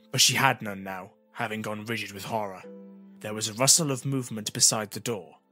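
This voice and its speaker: Man, audiobook narrator, even storytelling, bright tone, faint music. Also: fairly low pitch. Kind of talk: scripted narration.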